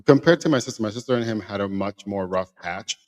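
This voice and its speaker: A man with a fairly low voice tells a personal story on a podcast. He is animated and emphatic, and he repeats phrases to drive his point home. The talk is casual and conversational. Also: quick pace. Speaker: podcast co-host.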